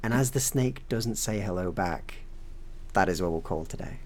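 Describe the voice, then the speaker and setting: A game master narrating a tabletop game in a relaxed way, laughing often and making little sound noises. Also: deep voice, normal speed, slight background noise.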